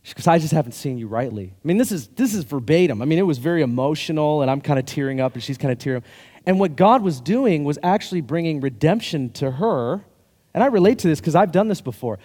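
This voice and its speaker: A man's voice: on the high side, mellow. Man preaching in a reverberant hall. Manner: conversational, self-deprecating preaching with laughs. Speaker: pastor. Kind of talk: sermon.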